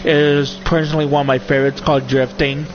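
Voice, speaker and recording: A man's voice: on the high side, little pitch movement, fast talker, dull audio, a crowd in the background. A man hosting a let's play, chatting casually through gameplay and rambling with fillers and restarts.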